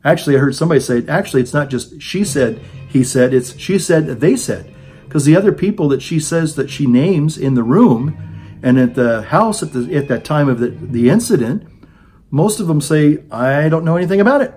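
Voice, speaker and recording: A man's voice: on the high side, lively intonation, normal speed, a little mellow, soft background music. A man giving a rambling, sarcastic opinion monologue on his own channel, full of "you know" fillers. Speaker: video blogger.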